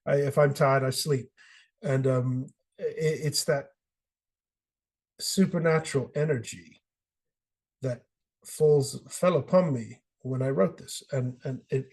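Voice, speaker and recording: A middle-aged British man, an author guest on a podcast, telling his story with passion and acting out quotes. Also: fairly high pitch. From Britain. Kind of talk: podcast interview.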